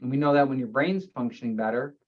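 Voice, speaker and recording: A man's voice: medium pitch, fast talker. Man explaining spinal health, lo-fi audio. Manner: explanatory, lists terms in steady runs. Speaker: chiropractor. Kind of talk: health webinar presentation.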